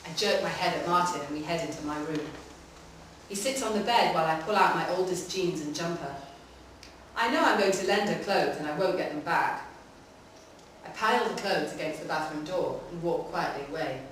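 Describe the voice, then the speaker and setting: A woman giving a live, measured reading of a short story in a public library room. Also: sits low, a little hiss or hum. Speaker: reader. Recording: echoey hall from far off.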